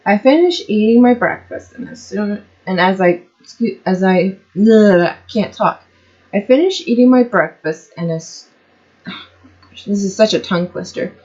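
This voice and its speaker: A woman's voice: mid-range voice, normal speed, a little mellow. A woman reading her own first-person story aloud, tripping over words and restarting lines, in a slightly muffled recording. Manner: stumbles and restarts often, comments on her own slips. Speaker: amateur storyteller.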